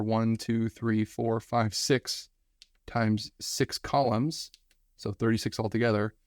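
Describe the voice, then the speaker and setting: Energetic man teaching statistics. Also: medium pitch, no echo, studio quality. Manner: energetic, repeats phrases for emphasis. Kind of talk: recorded math lesson.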